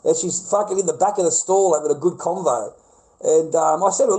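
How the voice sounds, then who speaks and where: A man's voice: sits high, expressive, fairly quick, a little mellow, rough recording. An Australian man in a casual, profane rant to a live audience, rambling and repeating himself.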